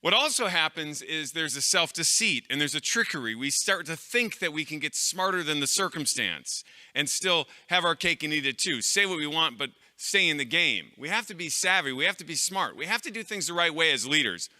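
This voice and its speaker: Man, middle-aged, bright forceful voice, chatty storytelling talk, long hall reverb. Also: a little high, expressive, fairly quick. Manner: anecdotal, conversational with fillers and restarts. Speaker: conference speaker. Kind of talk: live talk to clergy.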